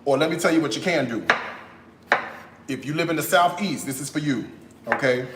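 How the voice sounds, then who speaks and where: An American man hosting a live cooking stream in a kitchen, talking in a sassy, animated way and tagging his lines with "okay?". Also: a little high, brisk, very noisy. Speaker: cooking show host. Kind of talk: casual live-stream chat while cooking. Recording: roomy echo.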